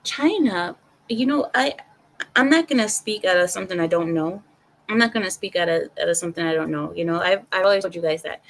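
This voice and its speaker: On a casual live stream, a woman shares her opinions directly with her chat, animated and repeating phrases for emphasis. Her voice is on the low side, and the poor audio carries a little hiss or hum.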